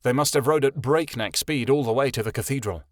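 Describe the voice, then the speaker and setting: A man narrating a fantasy audiobook in an even storytelling manner. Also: medium pitch, a little fast, dry recording, clean studio sound.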